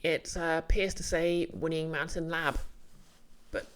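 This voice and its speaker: A game master narrating a tabletop game in a casual, halting way with fillers, from a home microphone. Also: medium pitch, steady tone, fairly bright tone, clean tone.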